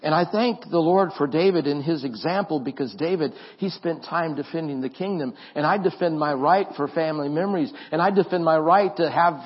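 Male pastor, sermon, high husky voice, earnest repetition. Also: brisk, few pauses, muffled recording. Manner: earnest preaching with repeated phrases and restarts.

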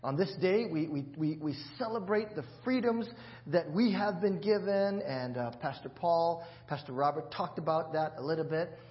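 A man's voice: on the high side, normal speed, highs cut off. A man preaching a sermon in a church, in a chatty, joking way with many restarts. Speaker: pastor.

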